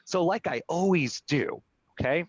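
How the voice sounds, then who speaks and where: A man's voice: on the high side, animated, unhurried, slightly rough, dry recording. A man being interviewed on a live video call, telling a personal story in an earnest way and often asking "right?". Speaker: real estate brokerage executive, guest. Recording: dull lo-fi sound, dry.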